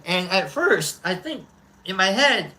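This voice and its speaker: High, bright-voiced man chatting slowly. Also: very animated, breathy edge, poor audio. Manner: exclaims and sighs between loose, rambling remarks. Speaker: host. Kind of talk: casual chat.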